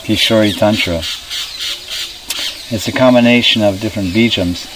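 His voice is on the low side and a bit bright, at a moderate pace. This man, a spiritual teacher, leads a devotional class, defining terms and putting questions to his listeners, picked up by a distant mic amid faint background noise.

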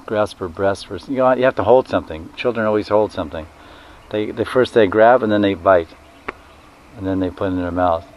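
A man giving a religious talk to a group, telling a story in a lively way, often repeating and correcting himself and putting questions to the listeners. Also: lowish voice, lo-fi sound. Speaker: spiritual teacher.

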